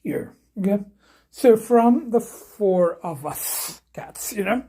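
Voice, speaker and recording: A man talking casually to camera in a vlog, halting and trailing off, often dropping to a near whisper. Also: high voice, expressive, dark tone, husky. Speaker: vlogger.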